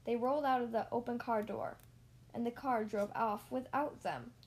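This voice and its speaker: A woman narrating a children's storybook in a clear, steady reading voice. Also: on the high side, normal speed. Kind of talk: storybook read-aloud.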